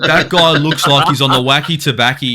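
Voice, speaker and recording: Australian man, podcast host, casual chat, bright tone, swears freely. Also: on the high side, fairly even intonation, a little fast.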